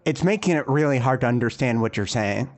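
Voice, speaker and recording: A man performing improv comedy at an average pitch. He plays it earnest and goofy, acting hurt in a mock-serious way. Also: animated, quick pace.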